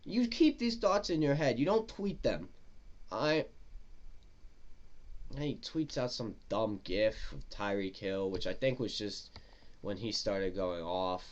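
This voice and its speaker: A man's voice: on the low side, a little slow, pauses often, highs cut off. A man giving a casual, profane, exasperated rant as a football fan. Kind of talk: casual ranting commentary.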